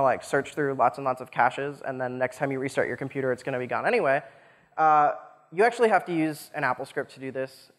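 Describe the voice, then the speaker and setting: Young male conference speaker, slightly high voice, casual and jokey, lots of fillers, hall reverb. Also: fairly bright tone. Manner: casual, joking, many "uh" fillers. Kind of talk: technical conference talk.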